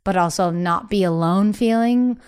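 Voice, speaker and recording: A young woman, a podcast guest, telling her own story candidly and acting out what family members said in quick bursts. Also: mid-range voice, darkish tone, smooth. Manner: acts out quoted family speech, breathless bursts.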